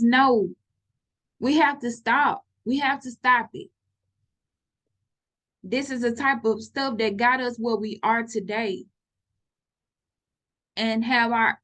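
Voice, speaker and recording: A woman teaching a scripture study over her screen, slowly reading out word definitions with many pauses and fillers, and growing insistent when she preaches. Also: fairly high pitch. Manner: slow, reads definitions aloud, many fillers. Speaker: religious teacher.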